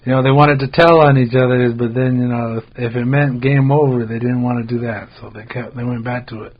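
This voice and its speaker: A man's voice: medium pitch, steady tone, brisk. American podcast host guy rambling thru a story, lots of "like", cussing, kinda muffled sound. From United States. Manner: laid-back, rambling, heavy on "like" fillers and swearing. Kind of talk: casual storytelling chat.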